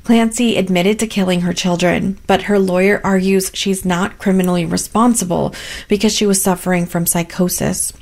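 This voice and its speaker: A woman station reporter reading a scripted court news report in a measured way. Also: on the low side, fairly even intonation, a little mellow.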